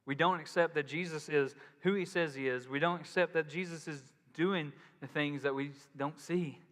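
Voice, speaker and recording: A man's voice: on the high side, steady tone, moderate pace, fairly bright tone. A male pastor preaching a sermon in a conversational way, acting out the voices he quotes. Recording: long reverb in a large hall.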